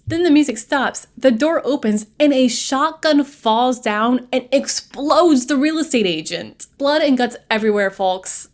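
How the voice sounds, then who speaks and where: A woman giving a casual, sarcastic recap of a horror film, with playful asides to her viewers. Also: fairly high pitch. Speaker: movie reviewer.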